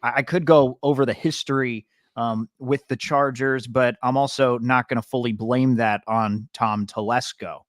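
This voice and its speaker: A man's voice: medium pitch, steady tone, normal speed, hardly any pauses, dry recording, studio quality. British-born man in casual sports chat. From Britain. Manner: rambling, self-correcting opinions. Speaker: podcast co-host.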